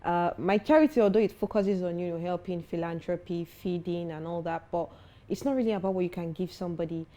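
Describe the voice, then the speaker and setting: A young woman speaks as an interview guest, earnest and self-assured. Her voice sits a little low and sounds mellow rather than bright. She talks with conviction and grows animated when she tells a story. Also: fairly quick. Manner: earnest, confident, animated when telling stories. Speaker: foundation founder, guest. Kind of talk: interview conversation.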